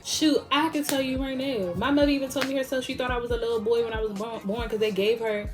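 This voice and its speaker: A young woman tells a personal story to her vlog audience in a lively, chatty way. She laughs often and acts out other people's lines as she goes. Faint music plays quietly underneath her voice. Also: fairly high pitch, fast. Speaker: beauty vlogger.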